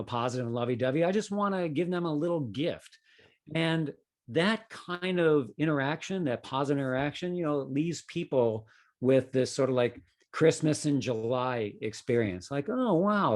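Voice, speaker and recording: A middle-aged man tells a personal story on a podcast, at a medium pitch. His voice moves up and down with the anecdote. He talks in a loose, conversational way with plenty of "you know" fillers. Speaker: guest, author.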